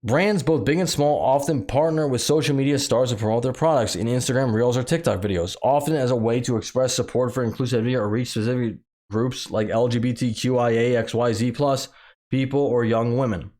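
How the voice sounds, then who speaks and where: A man's voice: mid-range voice, a little fast, darkish tone. A man with a slight lisp hosting his own channel, giving heated, repetitive commentary full of fillers and restarts. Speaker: channel host commenting on news. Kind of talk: casual ranting commentary.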